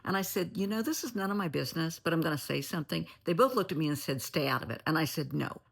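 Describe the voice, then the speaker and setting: An older woman, a therapist, talking in a casual vlog from her lakeside home in a blunt, opinionated way, with a gravelly voice. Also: deep voice, lively intonation, quick pace. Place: lakeside home, indoors, early morning.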